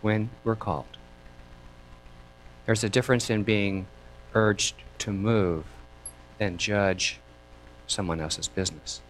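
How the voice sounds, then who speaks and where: A man preaching a sermon as minister, chatty and lively, laughing between thoughts and leading his congregation in repeating lines. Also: fairly low pitch, slow, pauses often, a little hiss or hum. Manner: leads the congregation in call and response.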